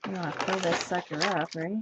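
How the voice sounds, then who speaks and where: A woman's voice: fairly low pitch, a little fast. A woman casually showing off her journal pages at home, rambling and thinking aloud as she flips through them, a bit tired and sneezy. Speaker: journaling vlogger. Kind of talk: casual show-and-tell chat. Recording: dull lo-fi sound with steady background noise.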